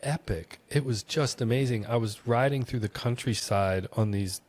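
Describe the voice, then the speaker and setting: In a casual interview conversation on a podcast, a man with a medium-pitched voice recounts a travel story at a normal speed. He tells it with lots of energy and frequent laughter.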